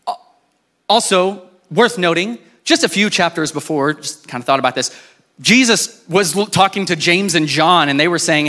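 A man delivers a sermon like a chat, with a voice pitched a little high for a man. He tells the story in an animated way and acts out the characters' lines. His delivery stays informal, with small restarts. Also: a little fast. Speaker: pastor.

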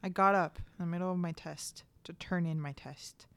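A woman's voice: lowish voice, fairly even intonation, moderate pace, no echo. Young woman, casual storytelling, dry sound. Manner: storytelling, swears casually, drops into Spanish. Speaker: podcast co-host. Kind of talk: casual chat.

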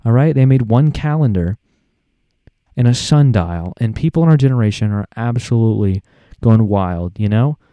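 A man's voice: medium pitch, expressive, normal speed, warm tone, no echo, dull audio. A young man, hosting a casual podcast and ranting in an exasperated, sarcastic way. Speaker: podcast host.

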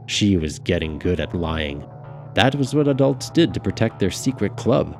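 A man narrating a dark novel in a measured storytelling manner. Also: deep voice, sing-song, faint music behind. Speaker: audiobook narrator. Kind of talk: scripted narration.

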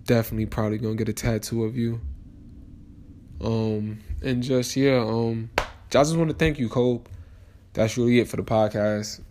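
A young man hosting his own podcast, talking haltingly and full of emotion through his grief, with lots of fillers. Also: medium pitch, fairly even intonation, a little mellow, a little hiss or hum. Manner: halting, many fillers, heartfelt. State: grieving, emotional. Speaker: podcast host. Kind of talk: emotional solo podcast monologue.

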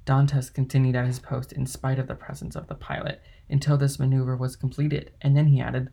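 A man narrating a classic novel as an audiobook, with a gravelly, husky voice. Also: mid-range voice, monotone, a little fast, hardly any pauses, warm tone.

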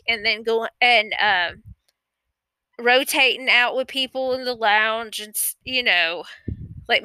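A woman's voice: on the high side, bright, forceful tone, clean tone, no echo, low-quality recording. A woman telling a true personal story in a casual, rambling way, often stopping to correct herself and swearing freely.

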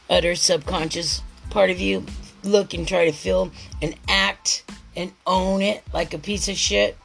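Gravelly woman ranting, swearing. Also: lowish voice, rough recording. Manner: heated, swears constantly, restarts thoughts. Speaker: podcast host. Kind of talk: rambling profane monologue.

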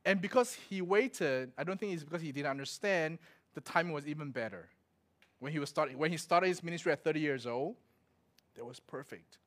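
A man's voice: on the high side, fairly quick, fairly bright tone. A male pastor, preaching a sermon full of stories, laughing as he acts out quotes. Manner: storytelling with laughs and acted-out quotes.

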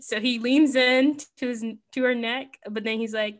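A young woman co-hosting a podcast, recapping a film in animated casual chat with lots of filler words. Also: on the high side, normal speed, few pauses. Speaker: podcast co-host.

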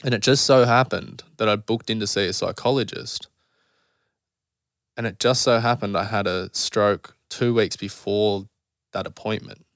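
A man's voice: lowish voice, fairly even intonation, moderate pace, fairly bright tone, no room sound, studio quality. A man in his thirties, a podcast guest telling his story candidly in a blunt, rambling way, swearing freely. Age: 30s.

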